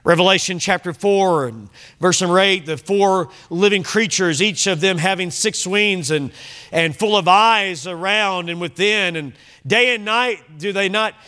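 A man's voice: sits high, unhurried, sharp tone, smooth. A man preaching an earnest sermon as pastor, quoting scripture in old-fashioned wording. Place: church sanctuary.

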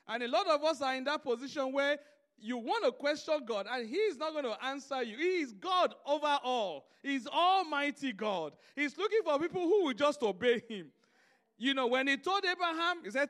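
A man's voice: very high voice, expressive, normal speed, fairly bright tone. A man preaching a sermon, telling stories and driving his points home through emphatic repetition.

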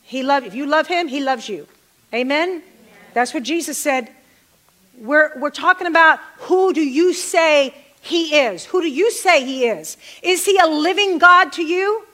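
A woman's voice: high voice, animated, a little slow, fairly bright tone. A middle-aged woman preaching a sermon, calling out to the congregation and repeating phrases for emphasis.

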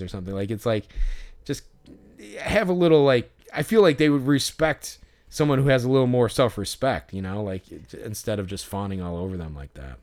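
Man, podcast co-host, mid-pitched and smooth, rambling and sarcastic in casual chat. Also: normal speed, darkish tone. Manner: rambling storytelling, many fillers and restarts; exasperated, sarcastic about fans.

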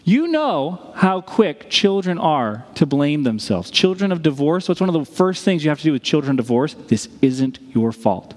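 A man preaching a sermon as a pastor, telling a story with dramatic pauses. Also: a little high, big pitch swings, long reverb tail.

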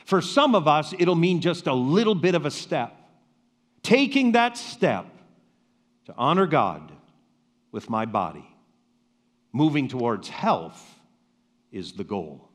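A pastor delivers a sermon in a fairly high, lively voice that climbs and drops with emphasis. He pauses slowly and leans on rhetorical questions. The sound rings with the long reverb of a large hall.

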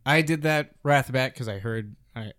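A man's voice: mid-range voice, moderate pace, no room sound. Young male co-host, chatty and rambling, clean resonant tone, dry room. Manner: rambling, animated storytelling with many fillers. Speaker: podcast co-host. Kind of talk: casual chat about video games.

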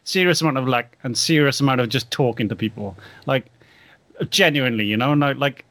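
A man in casual chat as a guest, telling stories in a relaxed way, laughing often and acting out what people said. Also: mid-range voice, brisk, no room sound. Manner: laid-back storyteller, laughs often, acts out quotes. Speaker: guest photographer.

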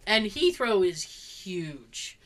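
A woman's voice: mid-range voice, very slow. A woman telling a story in casual chat, acting out the voices of the people in it and laughing often. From Belgium. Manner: animated, acts out quotes, laughs often.

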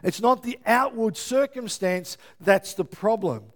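A man preaching a sermon as pastor, lively and often checking in with his listeners. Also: sits high, a little slow. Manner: lively, keeps checking in with the congregation.

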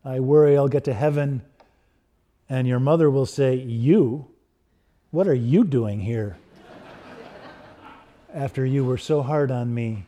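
A man's voice: mid-range voice, slow pace, long pauses, warm tone, close to an everyday voice. A man voicing an aging widower who confesses his regrets to his daughter within a sermon story. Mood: rueful confession. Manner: confessional, rueful.

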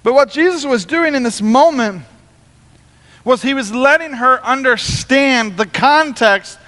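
A man preaching a sermon as pastor, talking in an animated, conversational way. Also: very high voice, a little slow, in a large hall.

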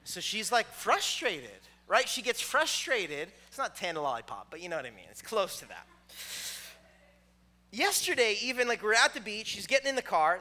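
A man's voice: sits high, sharp tone. A man in his thirties, a pastor preaching a sermon in a loose, conversational storytelling way with lots of filler words.

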